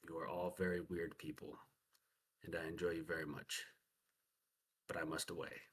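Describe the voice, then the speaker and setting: A man's voice: very deep voice, little pitch movement, moderate pace, fairly bright tone, breathy edge, pitched below the performer's own voice, heavily acted. A man voicing a huge, strong male warrior who is boisterous and affectionate toward his friends. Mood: solemn farewell.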